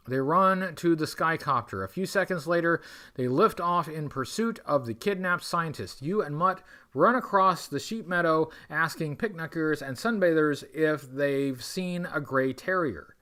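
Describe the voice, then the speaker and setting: A man hosting a long livestream, reading an adventure gamebook aloud. He drifts off into wry, rambling asides and catches himself mid-sentence, in a slightly high voice. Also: normal speed, sharp tone. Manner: wry, rambling, self-interrupting. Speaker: livestream host.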